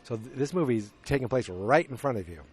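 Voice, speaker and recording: A man's voice: mid-range voice, a little fast, husky. A middle-aged man hosting a podcast, recapping a movie in casual chat and acting out its scenes as he goes. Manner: animated storytelling, acting out scenes. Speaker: podcast host.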